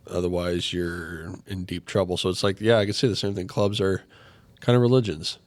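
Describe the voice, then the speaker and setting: Deep-voiced laid-back man chatting. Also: little pitch movement, moderate pace, no echo. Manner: laid-back, rambling with fillers. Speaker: podcast co-host. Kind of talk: casual chat.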